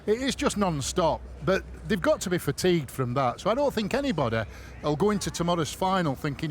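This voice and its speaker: A man, a sports pundit, giving his view in an animated, emphatic way. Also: sits high, brisk, hardly any pauses, slight background noise. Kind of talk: studio punditry.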